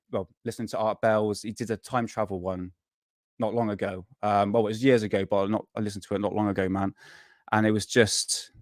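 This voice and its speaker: A man's voice: lowish voice, no room sound, studio quality. A man hosting a casual live stream, rambling and swearing freely, worn out and burnt out, chatting to viewers. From United Kingdom.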